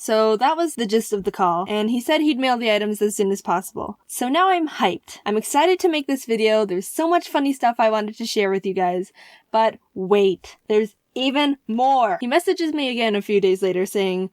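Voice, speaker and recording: A young adult woman narrating a comedic animated story in an excitable, self-mocking way. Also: fairly high pitch, normal speed, no echo, clean studio sound.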